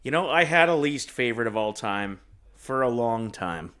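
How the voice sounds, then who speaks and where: A man's voice: medium pitch, expressive, moderate pace, sharp tone. A man co-hosting a casual morning talk show, rambling and joking as he chats. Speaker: co-host.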